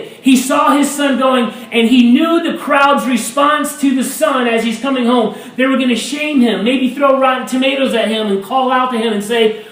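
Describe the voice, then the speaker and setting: High-voiced preaching man in echoey hall. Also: normal speed. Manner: animated preaching, rising to shouts. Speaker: pastor. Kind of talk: sermon. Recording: echoey room, mic at a distance.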